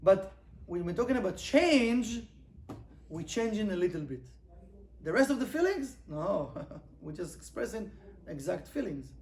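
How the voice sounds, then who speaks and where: High-voiced man teaching Kabbalah. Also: vocal fry. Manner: animated, rhetorical questions, reads Hebrew quickly then translates. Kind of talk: informal class lesson.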